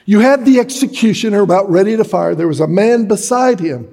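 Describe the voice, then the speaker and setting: A middle-aged man preaching a sermon, telling a story dramatically and shouting at its peaks. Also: high-pitched, lively intonation, fairly quick. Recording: long hall reverb.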